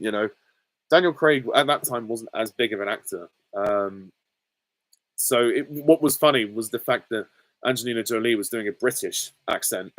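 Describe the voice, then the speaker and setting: Man, 20s, low-pitched, casual live Q&A, hesitant, lots of ums, dry close sound. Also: no echo, rough recording. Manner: easygoing, hesitant with frequent ums and soft laughs. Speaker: YouTuber answering viewer questions. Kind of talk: casual live Q&A reading chat comments.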